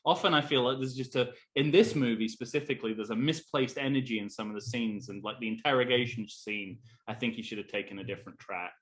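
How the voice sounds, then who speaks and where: A man co-hosting a podcast, chatting casually about films with frequent restarts and sentences that fade off quietly. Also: mid-range voice. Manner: halting, many restarts, trails off quietly. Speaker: podcast co-host. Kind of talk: casual film discussion.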